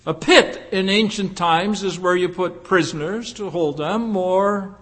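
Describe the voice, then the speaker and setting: Slow, high-voiced preacher in a reverberant hall. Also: male voice, a bit bright. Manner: slow, deliberate preaching with rhetorical questions. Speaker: pastor. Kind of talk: sermon. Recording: long reverb in a large hall.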